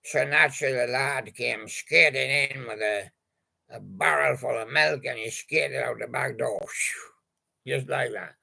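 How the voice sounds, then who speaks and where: A man casually narrating an improvised toy story, rambling and hesitant with many pauses. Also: mid-range voice, gravelly, bright, forceful tone, slightly rough.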